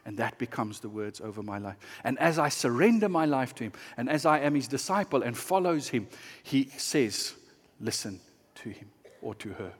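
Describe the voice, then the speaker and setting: A man preaching a sermon as pastor, earnest and shifting between hushed and impassioned delivery. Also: medium pitch, lively intonation, normal speed, husky, in a large hall.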